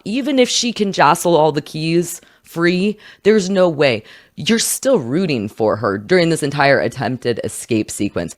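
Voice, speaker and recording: A woman hosts a casual film-review chat at an average pitch, her voice lively and full of expressive swings. She acts out lines from the film as she goes. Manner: animated, acts out quotes. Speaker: podcast host, film reviewer.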